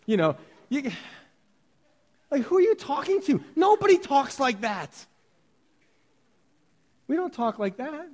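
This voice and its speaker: Conversational middle-aged preacher. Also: male voice, very high-pitched, big pitch swings, slow pace, pauses often, darkish tone. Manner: conversational preaching with mock-pompous quoted prayers. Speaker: pastor. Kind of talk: sermon. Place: church hall.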